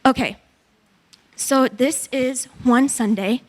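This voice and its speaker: This young woman, in her twenties, shares a mission-trip testimony at church and acts out other people's words in a lively way. Her voice sits high, yet she takes her time and speaks slowly.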